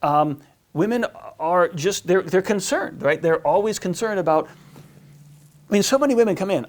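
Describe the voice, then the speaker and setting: A priest giving a casual teaching talk on marriage, often stumbling over and repeating words and acting out little exchanges. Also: male voice, sits high, animated, normal speed. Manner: conversational, repeats words, acts out quotes.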